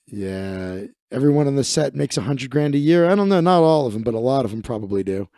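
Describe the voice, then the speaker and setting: A man's voice: medium pitch, animated, a little fast, warm tone, no echo, studio quality. A man hosting a comedic live stream, reading news aloud with sarcastic, profane asides. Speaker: host.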